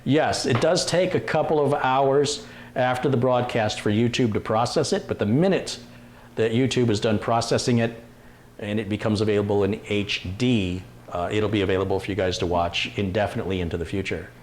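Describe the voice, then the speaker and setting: A man's voice: fairly low pitch, a little fast. A man hosting a live stream, chatting casually, joking and reading viewer comments aloud. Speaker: livestream host. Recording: roomy echo, faint room noise.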